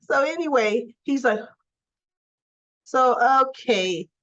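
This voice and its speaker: A woman's voice: high voice, lively intonation, takes it slowly, a bit bright, muffled recording. A woman giving a chatty, casual daily recap of a soap opera episode. She laughs often and acts out the characters' lines.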